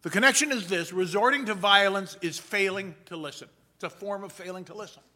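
Earnest man preaching, bright voice. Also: high voice. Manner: measured, earnest delivery that slows for emphasis. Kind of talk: sermon.

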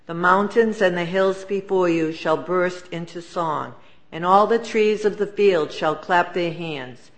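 Male lay reader, solemn scripture reading, slightly high voice. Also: unhurried, fairly bright tone.

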